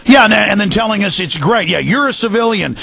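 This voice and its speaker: A male talk radio host who speaks in a high, gravelly, bright-edged voice. He rattles off his points in quick, emphatic bursts. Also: animated. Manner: rapid, intense, emphatic.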